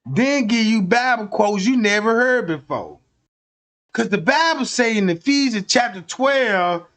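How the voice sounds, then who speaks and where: Bright, high-voiced man doing a slow, drawling, profane comedy rant to his chat. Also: animated. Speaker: livestream host.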